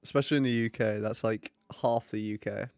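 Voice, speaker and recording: A man's voice: on the low side, steady tone, brisk, creaky, darkish tone, no room sound. A young man chatting and joking casually while hosting a live hockey watch party. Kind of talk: casual live commentary and chat.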